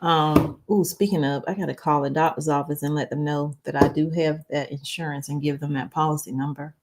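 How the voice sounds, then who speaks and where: A woman's voice: deep voice, steady tone, a little fast, very noisy. A woman chatting casually on a livestream, rambling and reading viewer comments aloud. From North Carolina. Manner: rambling, chatty, many "um"s and restarts. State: struggles to read, reads slowly. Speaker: livestream host.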